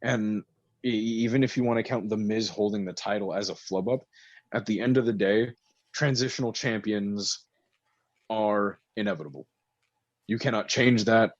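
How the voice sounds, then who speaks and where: A man co-hosting a wrestling podcast in casual chat, swearing often, getting excited and laughing a lot. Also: lowish voice, normal speed, no echo, muffled recording. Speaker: podcast co-host.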